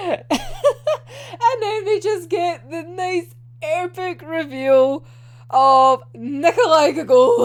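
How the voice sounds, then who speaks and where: Young adult woman, excitable casual anime reviewer; high, animated, unhurried delivery. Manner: excitable, gushing, laughs often. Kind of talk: casual episode discussion.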